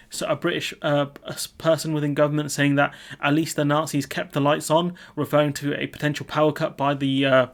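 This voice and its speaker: A young man giving casual, opinionated commentary on the news, with many fillers and an informal manner. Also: a little high.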